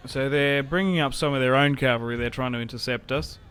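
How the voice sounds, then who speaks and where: A man's voice: mid-range voice, brisk, fairly bright tone, smooth. A young man giving casual, joking commentary over his own strategy game, often trailing off and restarting. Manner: chatty, joking, self-interrupting. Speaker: gaming channel host.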